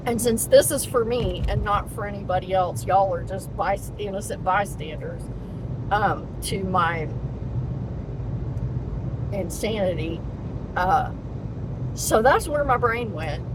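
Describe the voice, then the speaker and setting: Swearing, laughing woman rambling over road noise. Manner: laughing often, swearing, darkly joking. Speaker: vlogger. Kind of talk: casual rambling monologue. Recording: loud rumbling road noise behind.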